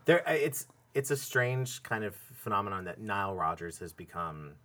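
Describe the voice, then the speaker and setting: Deep-voiced chatty male podcast host. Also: sing-song, moderate pace, bright, forceful tone, a little hiss or hum. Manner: chatty, enthusiastic, laughs often. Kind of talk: casual panel chat.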